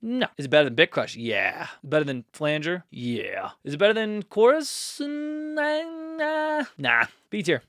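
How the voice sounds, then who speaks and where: A man's voice: on the high side, very animated, moderate pace, hardly any pauses, a bit bright, no echo. A man hosting a casual music-production tutorial, chatty and self-mocking, talking close to the mic. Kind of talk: casual tutorial, ranking plug-ins. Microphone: close studio mic.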